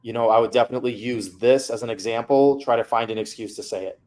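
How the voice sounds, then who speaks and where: A man's voice: medium pitch, steady tone, fast talker, a little mellow. A man coaching a student through feedback on her mock interview, candid and casual.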